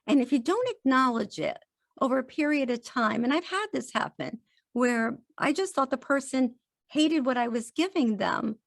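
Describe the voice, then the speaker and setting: A woman's voice: high voice, moderate pace, vocal fry, no room sound, clean studio sound. A woman guest on a podcast, talking in an earnest, encouraging way and acting out little quotes in conversation. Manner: earnest, encouraging, animated quoting. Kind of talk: casual interview chat.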